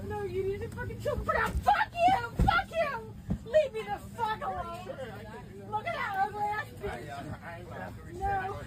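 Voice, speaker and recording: A crying woman with a very shrill voice screams abuse while she is held down. A dense crowd talks around her. Heavy noise swamps the phone recording. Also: a little slow, recorded from a distance. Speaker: woman being restrained.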